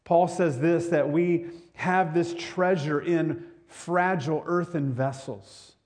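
A man's voice: on the high side, fairly even intonation, takes it slowly, darkish tone. A male pastor preaching a sermon to his congregation in a conversational way, often repeating words and asking the listeners questions.

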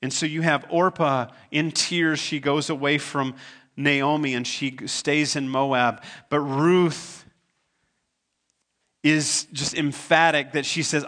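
Male pastor, sermon, conversational storytelling, somewhat high voice, earnest, repeats words. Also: steady tone, slow, a bit bright. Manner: conversational storytelling, retelling scripture in his own words.

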